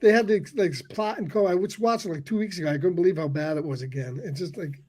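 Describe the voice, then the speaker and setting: Mellow-voiced man, chatty and halting. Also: high voice, husky. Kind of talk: casual chat.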